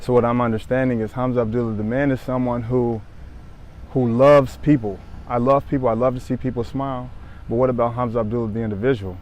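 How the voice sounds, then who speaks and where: A man in his thirties from Southern California speaks straight to the camera about his own life. His voice sits at an ordinary middle pitch. He sounds earnest and reflective, circling back over phrases and restarting sentences as he thinks. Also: fairly even intonation, fast talker, a little mellow. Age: 30s. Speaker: former pro football player sharing his story. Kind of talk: personal testimony to camera.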